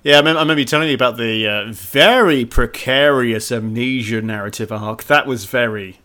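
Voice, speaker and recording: Rambling man, bright voice. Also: medium pitch, brisk. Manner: rambling, self-interrupting, laughs at own tangents. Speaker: podcast co-host. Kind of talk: casual chat.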